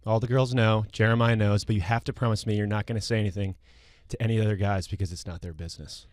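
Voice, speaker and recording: A man's voice: lowish voice, steady tone, quick pace, darkish tone, no echo, studio quality, natural voice. A man reading the part of a smitten young woman from a dating show in a comic table read, using his own plain voice. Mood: breezy.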